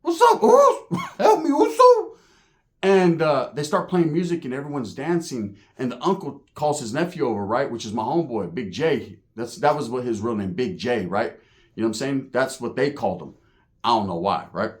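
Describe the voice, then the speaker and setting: A man telling a profane, animated story in stand-up style, acting out the other people in it. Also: medium pitch, a little fast. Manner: animated, profane, acts out voices. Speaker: stand-up comedian.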